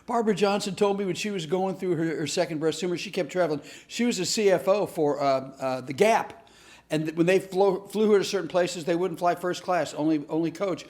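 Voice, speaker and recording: A man hosting a class on humor, telling comic stories in a chatty, animated way with lots of asides. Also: high-pitched, brisk. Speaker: humor speaker and class host. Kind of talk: comic storytelling lesson.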